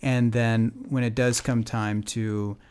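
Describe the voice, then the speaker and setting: A man's voice: mid-range voice, flat delivery, slow, a little mellow, clear, resonant tone. A man co-hosting a podcast, giving earnest advice in casual chat, often restarting and repeating his main point. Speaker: podcast co-host.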